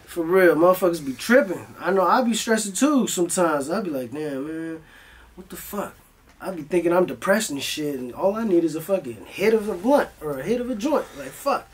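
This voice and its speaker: A man's voice: sits high, expressive, fairly quick, slightly rough. A young man telling a story in a loose, profane style, acting out his own voice as he goes. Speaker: guest. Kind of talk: casual storytelling.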